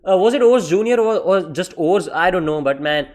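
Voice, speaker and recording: A man giving a casual vlog review of manga, excitable and profane, tossing "man" into nearly every sentence and slipping into mocking voices. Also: high-pitched, normal speed.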